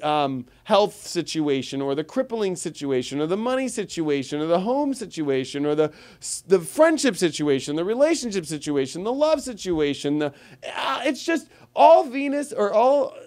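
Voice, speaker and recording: Animated rambling man astrologer. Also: sits high, a little slow. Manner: animated, rambling, full of fillers like "you know" and "okay". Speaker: astrologer host. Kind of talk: livestream talk.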